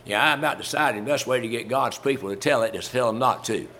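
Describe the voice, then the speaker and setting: A man's voice: mid-range voice, quick pace, sharp tone. A man preaching a sermon in a folksy, conversational way, chuckling as he talks through a Bible story to his congregation.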